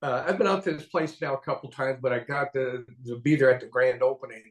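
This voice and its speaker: A man hosting a casual live stream, talking in a lively, folksy, enthusiastic way. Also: mid-range voice, quick pace. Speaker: host. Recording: echoey room.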